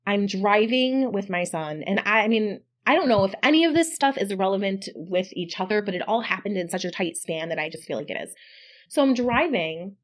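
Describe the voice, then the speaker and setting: Podcast co-host, woman in middle age, chatty, animated storyteller. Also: medium pitch. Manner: chatty, animated when quoting, laughs often. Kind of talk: casual storytelling chat.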